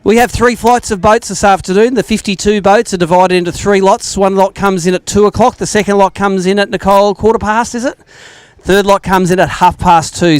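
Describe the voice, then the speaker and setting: A man's voice: high-pitched, clear, resonant tone, no room sound. An Australian man hosting a live fishing weigh-in outdoors, joking and bantering with the anglers as he reads out the weights. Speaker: tournament weigh-in host. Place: outdoor lakeside weigh-in stage.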